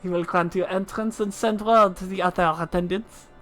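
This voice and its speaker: A woman's voice: fairly low pitch, steady tone, normal speed, soft background music, natural voice. A woman putting on a pompous, exaggerated French accent to voice a male knight lord, reading his lines in a flowery, courtly way. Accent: mock French. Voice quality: formal, flowery delivery.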